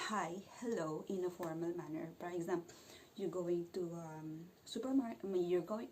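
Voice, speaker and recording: Soft-toned Filipino woman teaching phrases. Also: on the low side, slight background noise, low-quality recording. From Philippines. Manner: explains with many restarts and self-corrections. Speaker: language vlogger. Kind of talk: casual language lesson.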